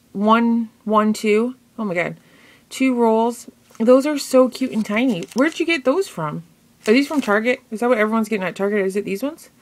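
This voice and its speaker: A woman chatting casually as she opens crafting mail, gushing and excitable, full of fillers. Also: medium pitch, rough recording. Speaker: craft vlogger; mother. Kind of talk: casual unboxing chat.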